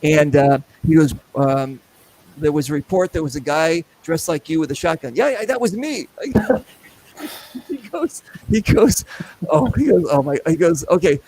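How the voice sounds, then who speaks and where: Animated man host telling stories. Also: fairly high pitch, unhurried, poor audio. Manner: animated, acts out voices in anecdotes. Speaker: podcast host. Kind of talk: casual storytelling.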